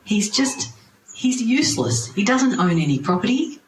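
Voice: mid-range voice, moderate pace, far from the mic, lightly acted. A storyteller voicing a proud, scornful king who sneers at his daughter's chosen husband, in a room with echo and noise behind. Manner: mocking, exasperated, rising. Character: scornful proud old king, disdainful father. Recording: roomy, noisy ambience.

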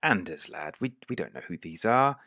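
A man's voice: low voice, very animated, normal speed, sharp tone, no echo, studio quality, heavily acted. A man voicing a blunt, friendly male dwarf. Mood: jolly. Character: jolly male dwarf, gruff and amused.

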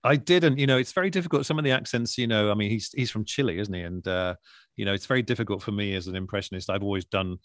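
A man's voice: lowish voice, fast talker, dry recording, clean studio sound. A man from Britain, a guest impressionist, telling anecdotes in a casual chat. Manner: chatty, fond of anecdotes.

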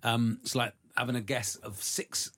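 A man's voice: medium pitch, fairly even intonation, moderate pace, a bit bright, breathy edge, no room sound. A man co-hosting a comedy football podcast, chatting in a jokey, playful way. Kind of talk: casual comedic chat.

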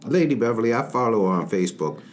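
A man playing a portly, pompous gentleman colonel, drawling and boastful on a comedy podcast. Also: mid-range voice, animated, fast, lightly acted. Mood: blustering. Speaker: podcast co-host. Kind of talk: comedic podcast character banter. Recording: light background noise.

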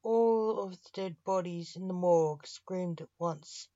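A woman slowly reading a fan story aloud in a plain manner. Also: on the low side, warm tone, dry recording. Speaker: story reader. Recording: dull lo-fi dry recording.

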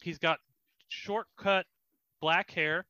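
A man running a tabletop game as dungeon master, describing scenes with pauses and fillers. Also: sits high, fairly even intonation, bright, forceful tone, dry recording. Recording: slightly muffled dry recording.

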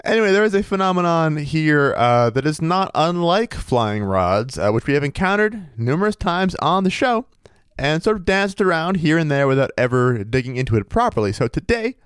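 A man co-hosting a casual podcast, talking in a wry, deadpan, mock-formal way. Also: on the high side, normal speed, clean tone, dry recording, clean studio sound. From United States. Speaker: podcast co-host. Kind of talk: casual chat.

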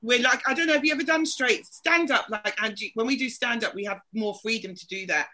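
Bright woman, halting and searching. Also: on the high side. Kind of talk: casual podcast chat.

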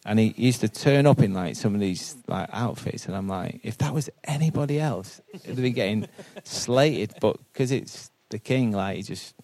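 A man's voice: on the low side, expressive, moderate pace, hardly any pauses, darkish tone, dry recording. A man, a football manager answering questions earnestly at a live podcast, often repeating words as he thinks aloud. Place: boardroom with live audience.

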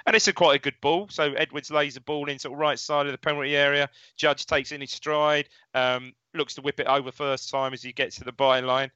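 A man with a bright, forceful voice talks through a football match in casual podcast chat. He laughs often and restarts his sentences. The sound is dry and somewhat dull, with no room around it. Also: a little high, flat delivery, a little fast, hardly any pauses, clean tone, no room sound.

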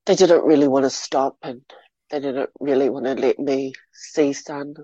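A middle-aged woman telling a personal story in an interview, halting and repeating words as she goes. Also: a bass voice, fairly even intonation, warm tone, no room sound, muffled recording. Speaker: interview guest.

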